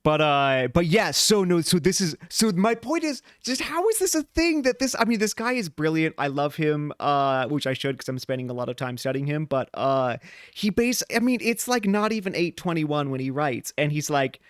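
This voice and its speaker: Animated man with a smooth voice. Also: a little high, moderate pace, no echo, clean studio sound. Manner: animated, playful when paraphrasing old texts. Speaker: podcast co-host, priest. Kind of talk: casual chat.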